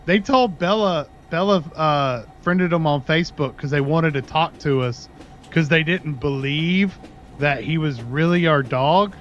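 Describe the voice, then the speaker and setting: A man with a fairly high voice chats loosely with his stream viewers, rambling through a story with plenty of "like" and restarts. His home mic sounds dull and lo-fi, with a faint hiss underneath. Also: measured pace, fairly bright tone. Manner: rambling storytelling, talks to his dog between stories. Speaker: livestreamer. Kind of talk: casual chat with stream viewers.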